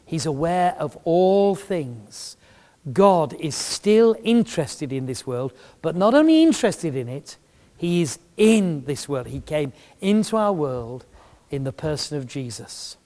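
A man's voice: on the high side, darkish tone. A middle-aged man preaching a sermon, telling a story with emphasis and humor. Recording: long reverb in a large hall.

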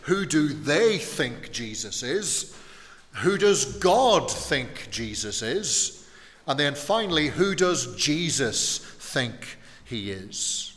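Man, preacher, sermon, slow deliberate delivery, rhetorical questions, reverberant hall. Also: on the high side, pushed and bright. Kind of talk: evening sermon on a Bible passage.

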